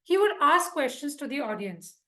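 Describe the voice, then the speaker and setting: High-voiced woman leading a workshop. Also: moderate pace. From India. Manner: lively, quizzes the audience, acts out examples. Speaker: public speaking trainer. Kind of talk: interactive workshop lesson. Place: club meeting room.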